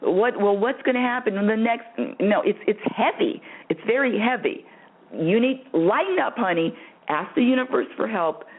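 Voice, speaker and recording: Woman radio host, emphatic, keeps repeating herself, calls you honey, thin phone-line sound. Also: normal speed. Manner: emphatic and repetitive, calls the caller honey and dear; laughs often, swoops up high for emphasis. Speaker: radio host answering callers. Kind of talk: spiritual advice call-in show. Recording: narrow phone-like radio audio.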